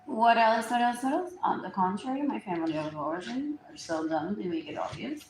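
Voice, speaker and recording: A woman's voice: mid-range voice, lively intonation, a little fast, noisy background. A woman, rambling through a live stream, repetitive and drifting, often trailing off into murmurs. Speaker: livestreamer. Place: indoors at home. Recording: roomy echo.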